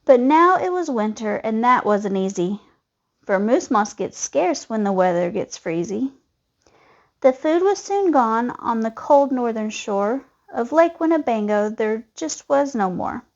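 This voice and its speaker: Slow expressive woman reading a storybook. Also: a little high. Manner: lively, expressive. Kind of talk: children's storybook read-aloud. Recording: dull lo-fi recording.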